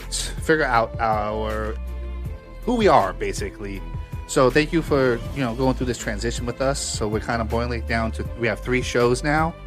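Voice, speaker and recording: A man co-hosting a casual podcast chat, rambling with many fillers and restarts. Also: mid-range voice. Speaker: podcast co-host.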